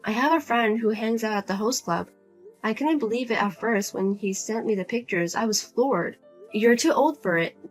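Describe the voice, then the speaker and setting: A woman's voice: fairly high pitch, normal speed, soft background music, pitched below the performer's own voice, close to an everyday voice. A woman voicing a single adult daughter who speaks bluntly and coldly to her mother. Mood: firm, exasperated. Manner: blunt, cold, lecturing.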